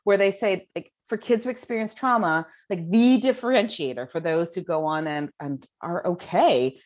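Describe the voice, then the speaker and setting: Speaking at normal speed in a fairly low voice, this middle-aged guest author tells lively stories in a relaxed interview. She writes about child development and uses lots of fillers.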